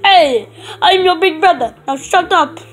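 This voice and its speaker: A woman's voice: very high-pitched, animated, measured pace, voice pushed up. A woman voicing a bossy male plumber big brother in an amateur fan skit, with a put-on accent and a scolding manner.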